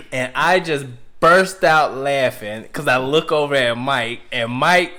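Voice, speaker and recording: A man's voice: medium pitch, slow pace, sharp tone. Podcast guy telling a story, cussing and cracking up, regular mid voice. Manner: laughs while telling a story, loose and profane. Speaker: podcast co-host. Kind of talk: casual storytelling chat.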